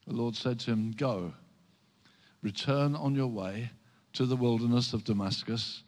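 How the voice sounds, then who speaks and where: A man preaching a sermon, reading scripture aloud in an earnest, measured way and leading a prayer. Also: mid-range voice, darkish tone. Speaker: pastor. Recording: reverberant hall.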